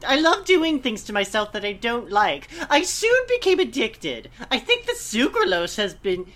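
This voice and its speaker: A woman co-hosting a casual group chat, reading forum posts aloud in an animated way and laughing often. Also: on the high side, normal speed.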